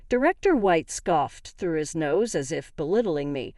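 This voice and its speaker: A woman giving a scripted first-person story narration in a measured storytelling manner. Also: lowish voice, very animated, a little mellow, dry recording, studio quality.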